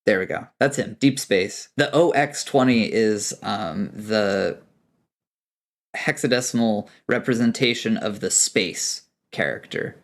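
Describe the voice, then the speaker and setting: A man's voice: fairly low pitch, a little slow. Young male game master, loose and chatty narration. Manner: rambling, with many fillers.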